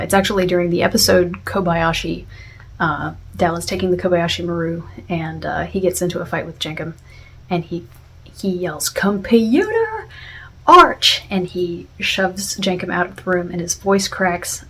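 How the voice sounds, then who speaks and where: A woman with a lowish, husky voice gives a casual spoken review. She is reflective and unhurried, restarting sentences and filling pauses with "uh" and "um" as she thinks aloud. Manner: reflective, frequent fillers and restarts. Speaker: video essayist.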